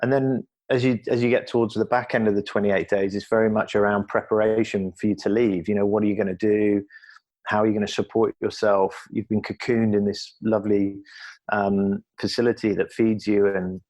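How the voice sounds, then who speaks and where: A man's voice: fairly low pitch, little pitch movement, brisk, darkish tone. A middle-aged man from England speaking as a podcast guest, earnest and reflective, often restarting his sentences. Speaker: podcast guest, former athlete. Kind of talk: candid conversational interview.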